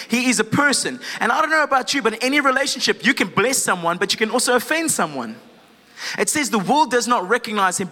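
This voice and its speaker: A man's voice: high-pitched, pushed and bright, long reverb tail. A man preaching a sermon in a church service, impassioned, often rising into fervent prayer and checking in with the congregation. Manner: asks the congregation questions, casual asides. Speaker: pastor.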